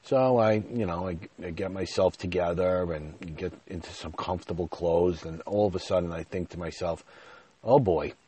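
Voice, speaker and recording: Low-voiced man rambling through a podcast story. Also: steady tone, moderate pace, few pauses, slight background noise. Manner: rambling, self-deprecating, heavy on "you know"; gets loud and high when retelling arguments. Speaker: podcast host. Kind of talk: casual storytelling monologue. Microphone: podcast mic.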